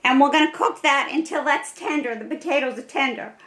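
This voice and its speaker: Woman cooking vlog host, high voice, chatty and cheerful, roomy kitchen, mic set back. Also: fairly quick, a bit bright, far from the mic, slight background noise. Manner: chatty and cheerful, laughs often. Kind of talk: casual cooking demonstration. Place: home kitchen.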